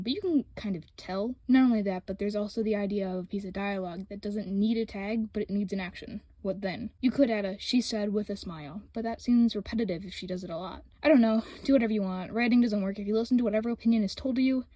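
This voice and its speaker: Woman host, warm dark tone, dry close voice-over, frank and casual writing advice. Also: mid-range voice, no echo. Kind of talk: scripted voice-over.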